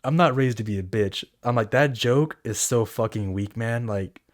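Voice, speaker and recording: A man's voice: mid-range voice, moderate pace. A young man co-hosting a podcast, chatting casually with lots of fillers and swearing. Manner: relaxed, profane, rambling with many fillers. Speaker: podcast co-host. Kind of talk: casual chat.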